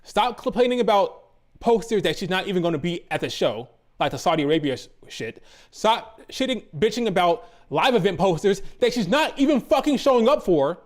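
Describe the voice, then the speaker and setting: A man's voice: high voice, animated, fairly quick. A man hosting a wrestling commentary channel, ranting in an exasperated, profane, repetitive way.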